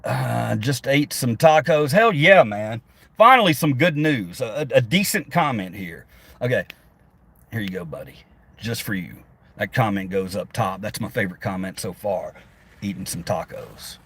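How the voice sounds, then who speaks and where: In a husky, fairly low voice with a fairly bright tone, this middle-aged man answers his livestream chat from behind the wheel. His intonation is lively and his pace moderate as he rants, sarcastic and combative, with frequent swearing.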